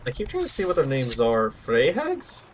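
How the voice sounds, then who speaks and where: A man's voice: medium pitch, huge pitch swings, fast, slight background noise. A man joining a let's play as co-player, chatting playfully and going off on tangents. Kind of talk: casual gameplay chat.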